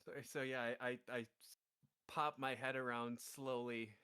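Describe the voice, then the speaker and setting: Halting man playing a tabletop game. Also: mid-range voice, little pitch movement, pushed and bright, clean tone, dry recording, studio quality. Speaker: player.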